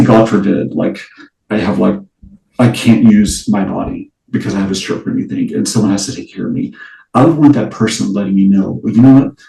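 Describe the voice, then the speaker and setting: A man's voice: sits low, vocal fry, mellow, roomy sound, distant mic, rough recording. A man who works as an early childhood educator, talking earnestly in a casual interview with many fillers and restarts.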